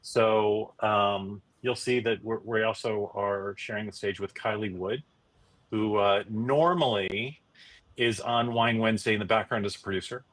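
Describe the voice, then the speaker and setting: A man's voice: fairly low pitch, fairly even intonation, a little slow, fairly bright tone. A middle-aged man hosting a casual live stream, talking loosely with many fillers and restarts. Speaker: host.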